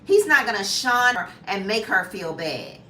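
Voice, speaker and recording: A woman in her fifties chatting casually as a lifestyle vlogger, animated and jumping to high squeals when acting out reactions. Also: normal speed, reverberant, distant mic, slight background noise. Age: 50s. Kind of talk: casual chat.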